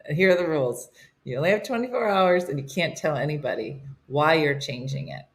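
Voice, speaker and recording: A woman's voice: sits low, animated, normal speed. A woman hosting a comedy morning show, laughing often and teasing as she reads out listener messages. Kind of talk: casual comedic chat.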